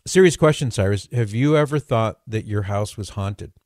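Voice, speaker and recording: A man's voice: on the low side, vocal fry, darkish tone, dry recording, clean studio sound. A middle-aged man hosting a talk radio show, telling stories in a chatty way with restarts and chuckles. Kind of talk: casual talk radio chat.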